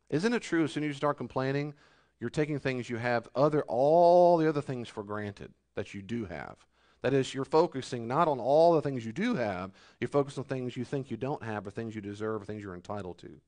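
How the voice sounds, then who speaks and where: A male pastor preaching a sermon, shifting between loud rebukes and quiet asides, and mocking complainers in whiny voices. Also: mid-range voice.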